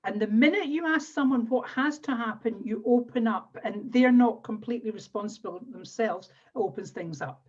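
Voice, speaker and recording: Teaching a live online coaching session, this NLP trainer with a Scottish accent steps listeners through exercises and repeats phrases often. Her slightly high voice moves at a moderate pace with hardly any pauses, heard through dull, lo-fi video-call audio.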